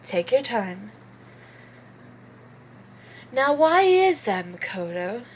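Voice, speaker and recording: A woman voicing a calm, composed teenage girl detective who gives instructions in a measured way. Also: fairly high pitch, slightly rough, pitched below the performer's own voice, full character voice.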